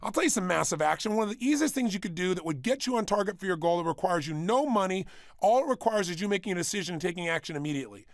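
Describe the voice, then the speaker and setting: A man's voice: high voice, lively intonation, no room sound. A man giving a motivational workshop talk in a studio, emphatic and fond of repeating phrases and firing off rhetorical questions. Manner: rapid-fire rhetorical questions. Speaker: motivational speaker. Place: studio with a small audience.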